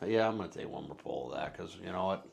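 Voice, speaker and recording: A man's voice: low voice, animated, quick pace, gravelly, a crowd in the background. A man co-hosting a casual chat while sampling drinks, talking in a rambling, playful way. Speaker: co-host.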